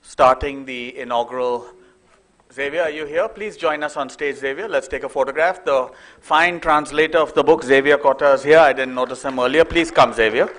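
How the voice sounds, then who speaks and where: A man's voice: mid-range voice, normal speed, a bit bright. A man hosts a festival, making friendly announcements with fillers. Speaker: festival organizer and event host. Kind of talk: event announcements. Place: lecture hall at a festival.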